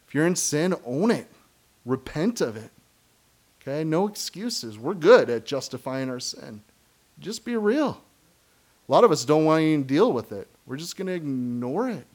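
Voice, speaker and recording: A middle-aged man preaching a sermon, earnest and emphatic, breaking into short laughs and quick asides. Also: fairly high pitch, expressive. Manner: acts out quoted voices of kids and believers. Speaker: pastor.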